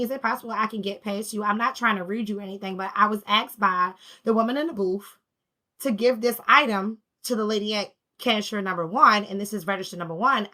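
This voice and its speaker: Bright, animated storytelling woman. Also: mid-range voice. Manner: animated, acts out quoted people, laughs while telling. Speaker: spiritual vlogger. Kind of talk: casual storytelling rant.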